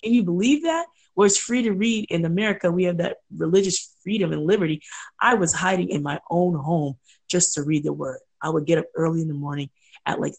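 Animated storytelling woman, gravelly edge. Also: deep voice. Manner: animated, laughs often, acts out quotes. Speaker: guest. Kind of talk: conversational interview storytelling.

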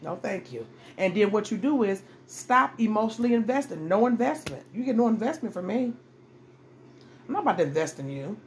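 A woman's voice: medium pitch, big pitch swings, a little fast, a little hiss or hum. Blunt, profane middle-aged woman. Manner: blunt, profane, repeats phrases for emphasis. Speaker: podcast host. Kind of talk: casual dating-advice monologue.

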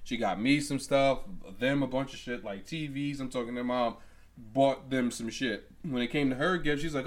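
A man's voice: mid-range voice, moderate pace. A man in casual chat, telling a rambling, profane story with lots of fillers.

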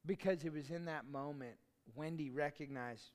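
A man's voice: fairly high pitch, moderate pace, few pauses, darkish tone. A man preaching a sermon as pastor, in a conversational, storytelling way with chatty asides.

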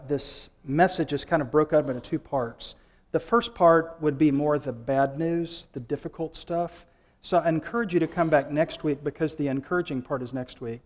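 A man preaching in a loose, conversational way, often restarting his sentences. His voice sits somewhat high for a man. A long hall reverb trails behind his words. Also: a little mellow. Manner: conversational, with frequent fillers and restarts. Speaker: guest preacher. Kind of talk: sermon.

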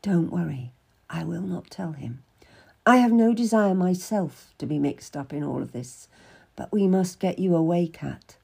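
A woman reading a firm, steady noblewoman. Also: on the low side, creaky. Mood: reassuring. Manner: measured, reassuring and commanding. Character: calm, firm noblewoman giving steady counsel. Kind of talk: storybook character reading.

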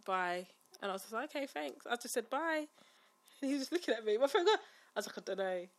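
A woman's voice: on the high side, fast. A young woman in casual chat, telling stories animatedly and acting out what people said. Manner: animated storyteller, acts out quotes.

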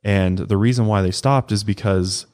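Low-voiced man casually retelling a case. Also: fairly even intonation, moderate pace, darkish tone. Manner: casual, conversational retelling with acted quotes. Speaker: podcast co-host. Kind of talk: casual true crime storytelling.

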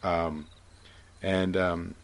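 A man narrates a tabletop game as game master, and his voice sits on the lower side. He hesitates often and fills the gaps with "um" and "uh" while he describes the action. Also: little pitch movement. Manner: halting, filler-heavy narration.

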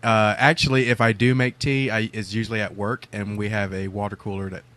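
A man's voice: fairly low pitch, flat delivery, a little fast, fairly bright tone, dry recording. A man from the southern United States co-hosting a podcast in casual chat, dry and amused. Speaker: podcast co-host.

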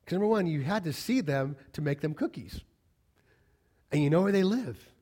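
A male pastor with a fairly high voice delivers a sermon in a church. He talks in a loose, conversational way, then rises to loud, emphatic declarations. His pitch swings widely. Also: lively intonation, moderate pace, husky. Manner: conversational and emphatic, building to loud passionate peaks.

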